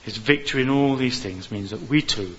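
A man delivers an earnest sermon, his appeals growing fervent and insistent. His voice sits in an ordinary middle pitch. The recording is muffled and carries a faint hiss. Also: a little fast, fairly bright tone. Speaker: preacher. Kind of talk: evangelistic sermon. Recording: dull hissy recording.

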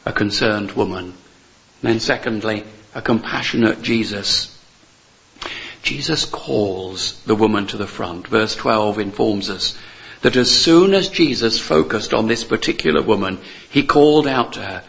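A man's voice: mid-range voice, a little slow, gravelly, fairly bright tone, muffled recording. A man preaching a sermon in an earnest, emphatic way, repeating key phrases and asking rhetorical questions.

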